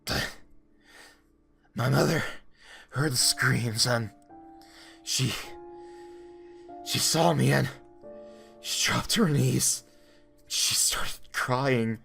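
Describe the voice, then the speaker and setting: A man voicing stammering, gravelly teenage killer Toby. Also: mid-range voice, extremely slow, pauses often, heavily acted. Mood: frantic, unhinged. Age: 20s. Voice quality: gravelly, hushed and whispery. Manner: stammering, numb then unhinged. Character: haunted teenage boy turned killer, twitchy, stammering. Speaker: voice actor. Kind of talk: creepypasta monologue. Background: music.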